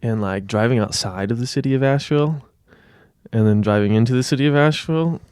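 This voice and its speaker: A man's voice: medium pitch, fast talker, darkish tone, clean tone, dry recording, studio quality. A man from Dallas, Texas, a musician guesting on a podcast, telling stories in a laid-back, wry, rambling way. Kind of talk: casual chat.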